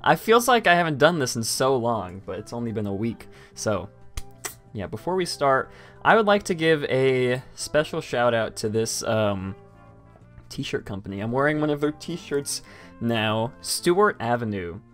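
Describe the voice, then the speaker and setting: A man's voice: mid-range voice, big pitch swings, a little slow, fairly bright tone, soft background music. A man hosting a casual live stream chat, rambling with many fillers and restarts. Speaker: host.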